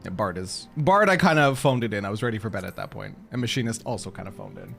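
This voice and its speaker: A male game streamer chats casually with his viewers, his voice swooping up and down as he jokes at his own expense. He laughs often between remarks. Soft game music plays faintly in the background. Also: on the low side, animated, quick pace, gravelly. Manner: giggly, self-mocking, laughs a lot.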